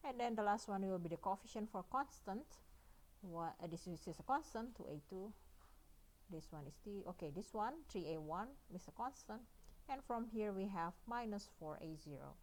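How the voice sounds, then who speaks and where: A woman's voice: mid-range voice, animated, normal speed. Woman lecturer, Indonesian accent, step-by-step. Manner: frequent "yeah" and "right?" check-ins, step-by-step explaining. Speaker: university math lecturer. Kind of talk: recorded math lecture.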